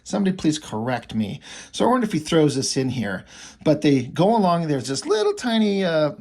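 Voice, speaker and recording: A man's voice: fairly high pitch, wildly swooping pitch, brisk, darkish tone. A man reviewing a comic book in a loose, rambling way, with restarts, fillers and casual swearing.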